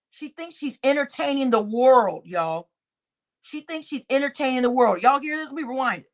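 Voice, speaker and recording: A woman's voice: high voice, expressive, normal speed. A woman hosting a livestream reaction show, talking indignantly and mockingly in casual commentary. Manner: indignant, mocking, repeats lines with laughter.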